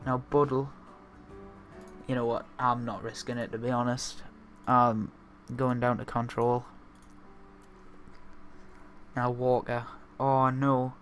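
A young man, from north-east England, hosting a let's-play of a football management game and swinging between muttering and excited outbursts. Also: mid-range voice, measured pace, faint music behind. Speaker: gaming video host.

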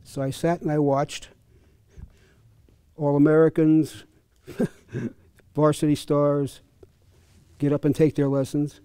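A man's voice: fairly high pitch, little pitch movement, slow pace, pauses often, warm tone, clear, resonant tone, no echo, clean studio sound. An older man and fencing coach, telling chatty, chuckling anecdotes at a clinic. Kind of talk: casual anecdotal storytelling.

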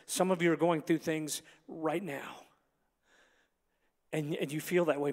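High-voiced preacher in a reverberant hall. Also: male voice, steady tone, a little slow, pauses often. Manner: builds from hushed reflection to emphatic preaching. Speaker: pastor. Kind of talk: sermon. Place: large church hall.

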